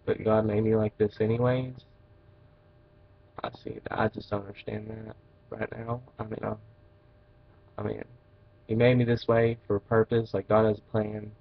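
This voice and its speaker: Teen boy vlogger, flat low delivery, halting with fillers, muffled home-video sound. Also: gravelly. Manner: hesitant, halting, many fillers and restarts. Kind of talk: personal confessional vlog.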